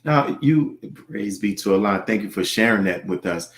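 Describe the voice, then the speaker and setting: A man hosting a one-on-one interview, asking long, halting questions and giving soft backchannel sounds while the guest speaks. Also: lowish voice, animated, roomy sound. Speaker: interview host.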